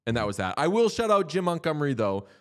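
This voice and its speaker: Podcast co-host, male, clear mid voice, quick wisecracks. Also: fairly high pitch, sing-song, a bit bright, no room sound, clean studio sound. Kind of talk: casual sports chat.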